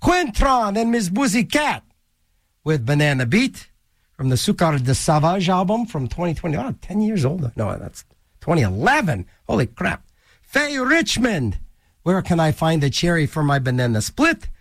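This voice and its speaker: Goofy college radio dj guy, high bouncy voice, riffing and joking between tracks. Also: sing-song, normal speed, dry recording, clean studio sound. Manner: goofy, rambling, jokey asides. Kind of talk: casual radio DJ patter. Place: small radio studio. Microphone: studio mic.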